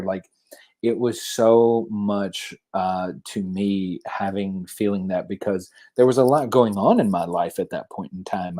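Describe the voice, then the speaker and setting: Southern guy in his 30s, kinda low voice, rambles and restarts a lot on a podcast. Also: darkish tone. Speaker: podcast guest. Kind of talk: casual chat.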